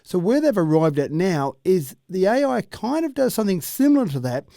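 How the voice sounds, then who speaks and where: An Australian man explaining technology on a radio chat in a steady, chatty way. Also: high-pitched, fairly quick, gravelly, no room sound, studio quality. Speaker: technology commentator.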